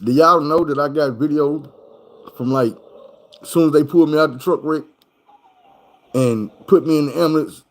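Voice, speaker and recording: This streamer's voice sits on the high side; he talks at normal speed but leaves long pauses. He tells a casual story in profane street talk, acting out its people with animation, on a rough recording.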